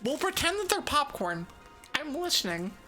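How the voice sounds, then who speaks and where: This is a woman VTuber chatting live with her chat in a bubbly, sarcastic, giggly way. Her voice is high, bright and forward. It swoops widely in pitch, and faint game music plays underneath. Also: very animated, normal speed. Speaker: VTuber streamer. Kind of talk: casual live-stream chat, answering chat.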